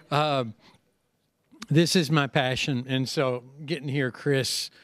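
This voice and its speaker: A middle-aged man, a preacher speaking on a conference panel, telling stories in a lively way and acting out what other people say. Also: medium pitch, no echo. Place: conference seminar session.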